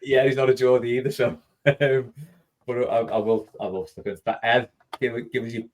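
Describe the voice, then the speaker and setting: A man hosting a casual podcast chat, talkative and quick to laugh and tease. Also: mid-range voice, level tone, lo-fi sound, a little hiss or hum. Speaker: podcast host.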